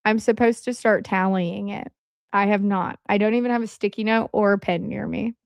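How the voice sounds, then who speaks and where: A woman hosting a casual livestream, rambling along in a chatty way and filling her pauses with "um.". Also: mid-range voice, fairly even intonation, gravelly, clean tone, no room sound, highs cut off. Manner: rambling, with frequent "um" fillers. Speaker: livestream host. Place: at home.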